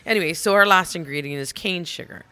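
A man chatting casually on a podcast, animated and quick to laugh and swear. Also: high voice, clear, resonant tone, no echo. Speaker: guest, drinks company owner.

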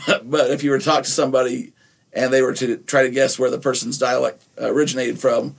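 A man's voice: mid-range voice, flat delivery, fairly quick, gravelly. A middle-aged man from Nephi, Utah, co-hosting a podcast in a casual, rambling way with many restarts. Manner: rambling, with frequent restarts and fillers. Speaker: podcast co-host. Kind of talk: casual chat.

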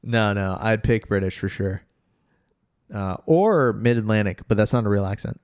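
A man's voice: lowish voice, normal speed, a little mellow, clean tone, no room sound. A man co-hosts a movie podcast, cracking jokes while moving the conversation along. His voice is recorded close and dry. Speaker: podcast co-host. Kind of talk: casual chat.

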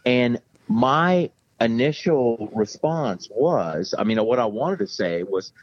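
Animated man telling a story, dull dry sound. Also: mid-range voice, slow, no room sound. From Charlotte area, USA. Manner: animated, laughing through a story, self-mocking. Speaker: guest. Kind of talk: anecdotal storytelling.

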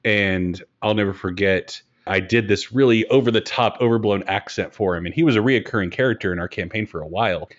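A man talking as a game master in a relaxed podcast conversation, chatty and self-deprecating. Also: lowish voice, fairly quick, few pauses. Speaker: game master and host of a broadcast tabletop game show. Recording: dull lo-fi recording.

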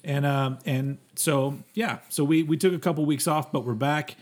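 A man in his forties co-hosting a casual podcast, talking in a rambling, halting way with plenty of fillers and swearing. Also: a little high, steady tone. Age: 40s. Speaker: podcast co-host. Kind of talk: casual chat.

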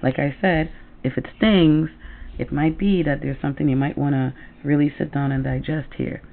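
A woman's voice: deep voice, fairly even intonation, moderate pace, gravelly. A woman giving blunt, angry commentary, full of profanity and asides that ask the listener "right?" and "okay?". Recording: tinny phone-like audio.

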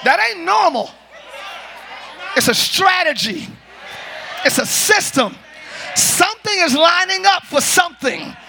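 A man preaching a lively sermon as pastor to a congregation, joking and calling out to them. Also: extremely high pitch, a little slow, gravelly, long pauses, a faint crowd, slight background noise. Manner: shouting, joking, calls to the congregation. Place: large church with congregation.

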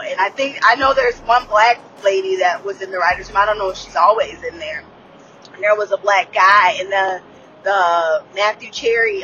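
A woman's voice: a little high, pushed and bright, dull audio, a little hiss or hum. A woman in her late thirties recapping a TV episode in a casual, candid way, swearing freely, laughing often and restarting her sentences. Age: late 30s. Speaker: TV episode reviewer.

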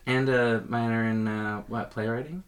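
A man's voice: medium pitch, steady tone, normal speed, crowd noise. A man co-hosting a podcast, chatting casually and playfully, rambling with many fillers. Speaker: podcast co-host.

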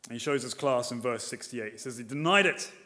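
A man preaching a sermon, moving between emphatic and quiet passages and asking rhetorical questions. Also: medium pitch, fairly quick. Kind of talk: expository sermon.

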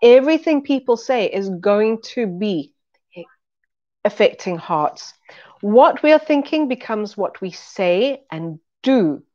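A woman's voice: medium pitch, darkish tone. Woman doing a bible teaching, earnest, chatty storytelling, kinda dull lo-fi sound. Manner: conversational and earnest, retelling stories. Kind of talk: recorded teaching talk.

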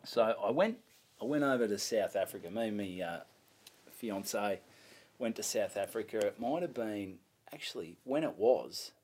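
A young Australian man, a comedian, telling a story in a casual interview. He swears freely and acts out what people said in a louder voice. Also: on the low side, normal speed, slightly rough. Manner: animated, swears freely, acts out his own lines in a louder voice. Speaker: comedian guest.

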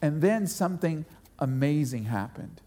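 High-voiced pastor preaching in a hall. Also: male voice, unhurried. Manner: storytelling, animated, repeats words when building a point. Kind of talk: sermon.

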